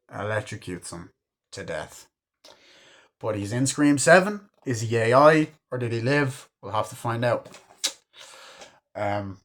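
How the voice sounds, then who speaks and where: Male fan reviewer, casual and excitable, rambly delivery, swears a lot. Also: mid-range voice. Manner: rambling, profane, lots of fillers like "you know" and "like"; enthusiastic fan. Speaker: movie reviewer. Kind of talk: casual spoken film review.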